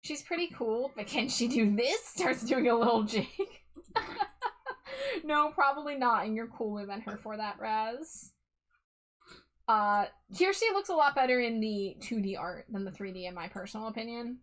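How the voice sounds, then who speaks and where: A woman's voice: on the high side, lively intonation, moderate pace. Chatty woman streamer reviewing dolls. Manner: chatty, opinionated, talks it through with fillers. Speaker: streamer host. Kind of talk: casual stream commentary.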